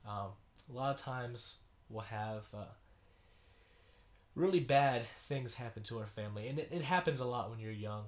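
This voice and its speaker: Young male vlogger, stuffy runny nose, loose halting delivery with many fillers. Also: mid-range voice. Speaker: video blogger. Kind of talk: casual commentary reading a sibling's schoolwork.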